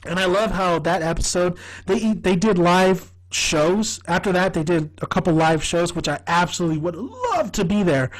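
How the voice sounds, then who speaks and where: High-voiced man gushing over a show. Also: moderate pace, poor audio. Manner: rambling and excitable, laughs often, swears freely. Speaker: TV show reviewer. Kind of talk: casual fan review vlog.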